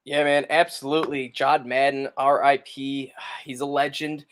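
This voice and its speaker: A man's voice: mid-range voice, level tone, normal speed. A man co-hosting a casual sports podcast, friendly and chatty, putting questions to the others. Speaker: podcast co-host.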